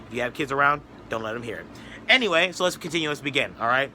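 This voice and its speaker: A man's voice: mid-range voice, lively intonation, fast, pushed and bright, slight background noise. A man giving a rambling, sarcastic opinion monologue as a political commentator, mocking others with put-on voices.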